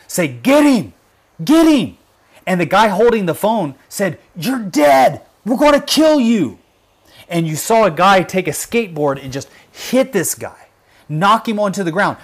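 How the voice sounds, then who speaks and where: A man hosting a livestream, talking with fervent emphasis and sinking to a hushed intensity on his gravest points. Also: a little high. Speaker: livestream host. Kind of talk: impassioned livestream commentary.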